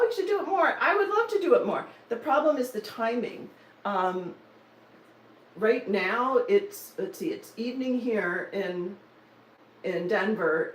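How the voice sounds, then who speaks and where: A woman's voice: mid-range voice, slight background noise. A woman in her sixties chatting casually and teasingly on a home live stream, laughing often. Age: 60s. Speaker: cross-stitch vlogger. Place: home in Denver. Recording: roomy, slightly distant mic with faint ambience.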